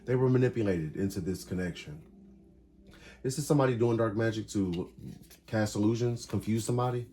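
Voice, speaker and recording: A man's voice: lowish voice, brisk, warm tone. A man giving a casual tarot reading, calling out cards in short emphatic bursts. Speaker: tarot reader.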